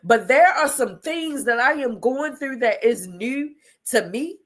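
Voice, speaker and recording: Tearful, husky woman testifying slowly. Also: high-pitched, lively intonation. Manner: preacher-like repetition, tearful and defiant. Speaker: host. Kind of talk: emotional inspirational monologue.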